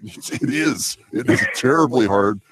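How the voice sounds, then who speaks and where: A man's voice: medium pitch, a little slow, fairly bright tone, no echo, low-quality recording. A man from the United States hosting a comedy talk show, chatting playfully, laughing and stammering often. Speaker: host. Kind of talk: casual comedy podcast chat.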